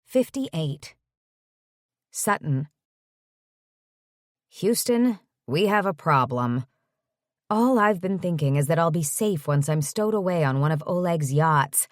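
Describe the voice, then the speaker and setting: Female audiobook narrator, lowish, wry, dry close mic. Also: lively intonation, measured pace, no echo. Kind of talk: first-person romance audiobook narration.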